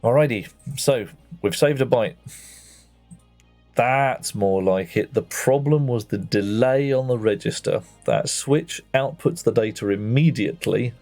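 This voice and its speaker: During casual gaming livestream chat, this male streamer jokes around with his audience and calls out viewers by name. He has a lowish, slightly mellow voice.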